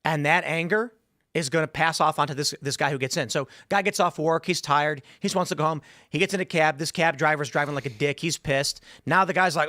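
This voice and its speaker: A male host with a somewhat high voice rambles through a story and slips into the voices of the people in it. He talks fast at times. The sound is dry and close, with no room around it. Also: sharp tone, dry recording. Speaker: show host. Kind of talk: casual studio chat. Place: studio.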